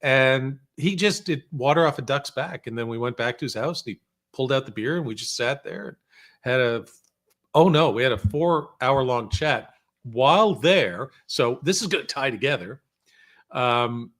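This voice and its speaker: A man in a podcast studio telling animated, humorous stories as a guest, sometimes slipping into voices for quotes. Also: mid-range voice. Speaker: podcast guest, former researcher and filmmaker. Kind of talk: casual storytelling chat.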